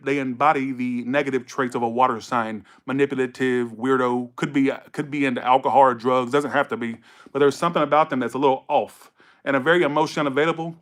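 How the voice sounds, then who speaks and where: Man, tarot reader, casual, blunt, cursing, mid-pitched voice. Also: fairly bright tone. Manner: blunt, profane, scolding rants; repeats himself for emphasis. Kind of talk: casual tarot reading to camera.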